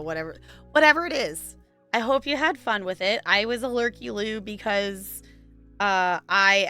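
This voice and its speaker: Bright-voiced woman streamer with a strained squeaky voice. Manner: chatty, giggly, rambling. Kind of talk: casual chat with chat viewers.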